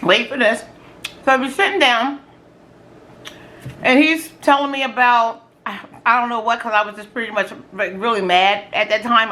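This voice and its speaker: A middle-aged woman vlogger telling dating stories in casual, animated chat while eating on camera, slangy and quick to exclaim. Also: fairly high pitch. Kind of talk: casual storytelling during a food challenge.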